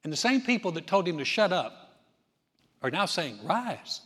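A man preaching a sermon, animated, acting out scenes with loud cries and asides. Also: sits high, moderate pace, breathy edge. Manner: animated, acts out voices with shouts. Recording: echoey hall.

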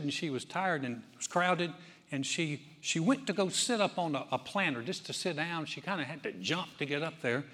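A man's voice: a little high, fairly bright tone. A man preaching a sermon as pastor in a church, telling stories in a conversational way with frequent restarts. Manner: conversational storytelling with many restarts. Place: church sanctuary. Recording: long reverb of a church hall.

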